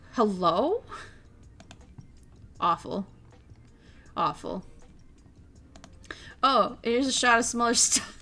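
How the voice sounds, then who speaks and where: A woman's voice: on the high side, bright, forceful tone. A young woman from Minnesota, a streamer telling stories in casual chat, rambling and swearing freely. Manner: rambling, profane storytelling.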